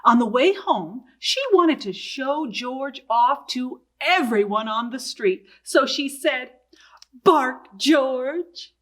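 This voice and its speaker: A woman librarian reading a picture book aloud to young children, expressive and asking them questions. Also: sits high. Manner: slow, sing-song and expressive, asking young listeners questions.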